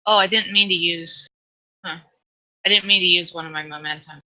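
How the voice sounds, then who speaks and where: A woman playing a tabletop game, giving quick, protesting replies. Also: lowish voice, steady tone, highs cut off. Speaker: player. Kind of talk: casual tabletop game play.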